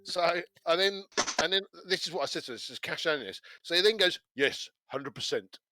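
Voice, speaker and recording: A man chatting on a gaming podcast, telling stories in an animated way, swearing and laughing as he goes. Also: sits high, quick pace, over music. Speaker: podcast co-host. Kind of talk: casual chat, storytelling.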